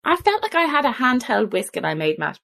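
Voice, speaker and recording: Irish woman, young adult, podcast co-host, lively swooping pitch, chatty, laughs a lot. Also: brisk, vocal fry. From Ireland. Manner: chatty, laughs often, animated. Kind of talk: casual chat about a cookbook.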